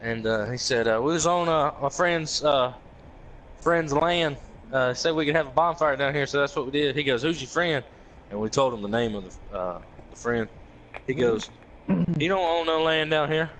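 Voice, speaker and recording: A man's voice: medium pitch, normal speed, slight background noise, rough recording. A man telling a rowdy story to friends, swearing freely and acting out the quotes. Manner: animated, profane, acts out quotes in raised voices.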